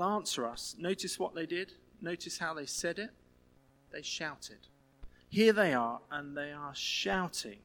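A man preaches a sermon with a slightly high-pitched voice. He keeps it lively and humorous, chatting with the congregation as if in conversation.

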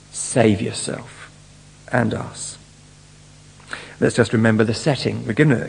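A man with a husky, mid-range voice and vocal fry preaches a sermon, working through a Bible passage and putting rhetorical questions to his congregation. He acts out mocking voices when quoting. A long hall reverb surrounds his voice.

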